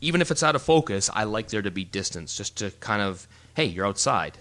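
A man co-hosting a casual photography podcast, explaining in an animated, rambling way with frequent restarts. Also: lowish voice, quick pace. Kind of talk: casual chat.

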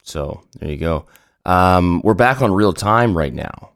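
A man with a very low, early-morning voice hosts a casual podcast chat. He jokes and teases his co-host. The recording is close and dry, with no room sound. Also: lively intonation, a little slow, creaky, clear, resonant tone, no room sound. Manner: joking, teasing banter.

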